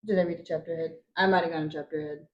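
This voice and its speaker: A woman's voice: deep voice, fairly even intonation, very fast, muffled recording. A young woman co-hosting a book podcast, chiming in with short reactions and quips. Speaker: podcast co-host. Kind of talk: casual book chat. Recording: echoey room.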